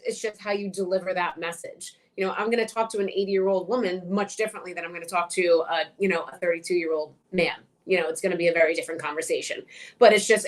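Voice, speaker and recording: A middle-aged woman speaking as an interview guest, direct and frank, swearing and getting animated when she tells stories. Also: mid-range voice. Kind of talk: casual interview chat.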